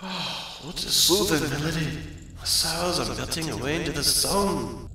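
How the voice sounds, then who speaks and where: A man's voice: medium pitch, steady tone, a little slow, sharp tone, very echoey, pitched above the performer's own voice, low-quality recording. A man voicing the proud ghost of a male rock-creature warrior, reading solemn, pleading lines. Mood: soothed. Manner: solemn, pleading game-text read.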